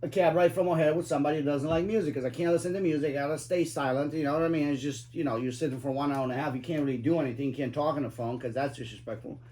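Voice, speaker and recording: A man's voice: fairly high pitch, steady tone, very fast, few pauses, darkish tone. A middle-aged man telling cab-driving stories in casual chat, profane and emphatic, rambling with lots of fillers.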